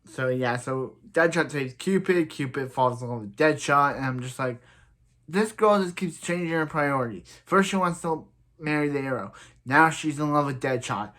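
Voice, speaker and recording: A young man casually reviewing a TV episode, rambling with lots of filler words and sounding exasperated at the characters. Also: on the high side.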